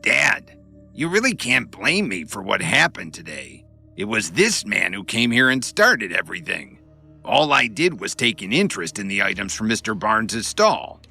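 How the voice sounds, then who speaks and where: A man's voice: fairly low pitch, very animated, moderate pace, vocal fry, pushed and bright, breathy edge, faint music behind, exaggerated voice. A man voicing a spoiled, boastful young man who whines and exaggerates to his father in an audiobook. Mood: whining. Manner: whining, pleading, exaggerating. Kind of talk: audiobook narration.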